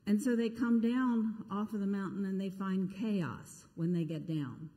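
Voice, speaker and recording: Woman pastor, chatty sermon storyteller, darker lowish voice, church reverb. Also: expressive, normal speed, hardly any pauses, warm tone. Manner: conversational, self-deprecating storytelling. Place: church sanctuary. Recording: echoey church sanctuary.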